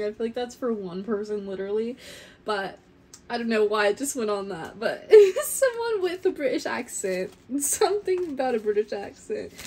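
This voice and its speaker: Young woman chatting through a tarot reading, kinda high voice, laughs a lot, lots of likes. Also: slight background noise. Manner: chatty, laughs often, rambling with many likes. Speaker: tarot card reader. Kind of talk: casual pick-a-card reading.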